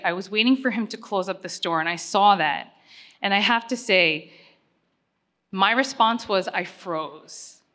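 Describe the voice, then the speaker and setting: A middle-aged woman speaks at a gala in an earnest, conversational way, pausing often on fillers as she tells her story. Her voice sits at an ordinary pitch for a woman and sounds bright and forward. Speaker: honoree giving an acceptance speech. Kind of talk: personal gala speech.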